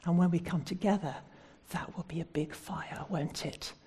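A woman preaching a sermon from the United Kingdom, putting earnest, searching questions to the congregation and turning soft and prayerful when she leads prayer. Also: fairly low pitch, fairly even intonation, moderate pace, slightly rough.

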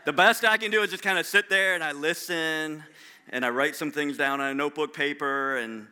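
A man's voice: on the high side, a little fast, bright, forceful tone, clear, resonant tone. A man preaching a sermon as a pastor, talking in a conversational, self-deprecating way with frequent restarts.

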